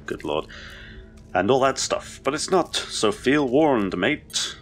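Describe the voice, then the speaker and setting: A man's voice: medium pitch, lively intonation, slow, faint music behind. A man giving rambling, confused, sweary commentary as he plays a horror game. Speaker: let's play host. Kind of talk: gameplay commentary.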